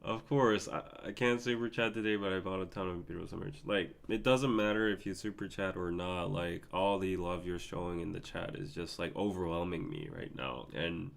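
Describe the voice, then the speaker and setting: A man's voice: low voice, normal speed, vocal fry, hardly any pauses. A man, hosting a live stream and talking emotionally to his chat. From Korea. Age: 30s. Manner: emotional, laughing, pleading with chat. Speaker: podcast host.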